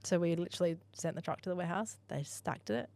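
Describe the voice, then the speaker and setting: An Australian woman, a podcast guest, telling a story in a chatty, animated way and acting out the dialogue. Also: fairly low pitch, fast talker, dry recording. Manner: chatty, animated, acts out dialogue, laughs often. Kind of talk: casual storytelling in a podcast interview.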